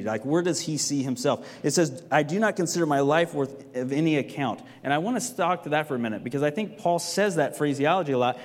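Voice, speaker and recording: A man teaching a sermon in a casual, conversational way, often checking in with the listeners with quick tag questions. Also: on the high side, a little mellow, long reverb tail. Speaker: pastor teaching a Bible class. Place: stage in a large hall.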